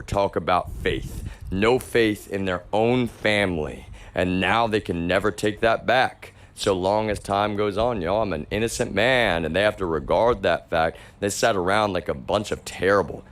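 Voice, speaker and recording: Guy with a real low voice venting on stream, worked up, keeps saying y'all. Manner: agitated, repetitive, swears often, calls listeners y'all. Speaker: livestreamer. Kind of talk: ranting monologue to a live chat.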